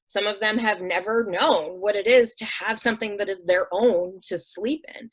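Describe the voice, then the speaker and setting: A woman's voice: medium pitch, normal speed, poor audio. A woman guest on an interview show, telling heartfelt stories in an earnest, conversational way with frequent "um" and "like". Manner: earnest, acts out quoted voices, many "um" and "like". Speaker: interview guest, nonprofit director. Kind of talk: conversational storytelling.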